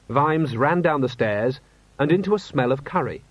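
A man reading a novel aloud in expressive, wry narration. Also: medium pitch, normal speed, no echo. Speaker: audiobook narrator. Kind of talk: scripted narration. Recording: dull, slightly lo-fi, dry.

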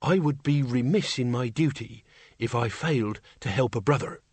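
A man's voice: mid-range voice, normal speed, darkish tone, husky, dry recording, lightly acted. A man voicing an earnest, formal undead man in a storybook reading. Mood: solemn.

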